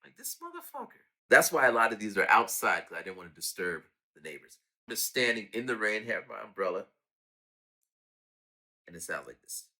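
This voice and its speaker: A man telling casual stories about his own raps, lively and acting out sounds and quotes. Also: fairly low pitch, normal speed. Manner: animated, acts out quotes and sound effects. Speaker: rapper talking about his own songs. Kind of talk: casual storytelling.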